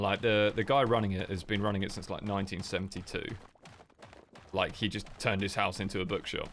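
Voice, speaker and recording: A young man talking to his stream in a soft, drowsy murmur. His low voice has a gravelly fry, and he wanders from thought to thought with fillers. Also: a little hiss or hum. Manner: soft, sleepy-sounding chatter; rambling, lots of fillers. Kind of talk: casual livestream chat.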